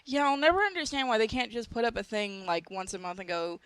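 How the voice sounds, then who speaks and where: A woman's voice: mid-range voice, animated, fast talker, hardly any pauses, a bit bright, smooth, no room sound. A woman hosting a casual chat, wry and joking, easily amused. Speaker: podcast host.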